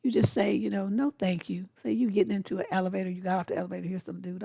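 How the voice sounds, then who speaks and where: A woman's voice: mid-range voice, little pitch movement, gravelly, warm tone, no room sound, studio quality. A middle-aged woman relationship coach, giving blunt, sassy dating advice in a casual monologue and acting out short exchanges. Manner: blunt, sassy, acts out quick dialogues.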